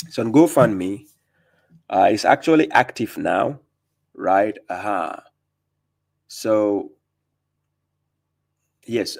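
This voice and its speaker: On the low side in pitch, a Ghanaian host streams a live religious Q&A, reading out viewer comments. He answers with rapid retorts and frequent fillers.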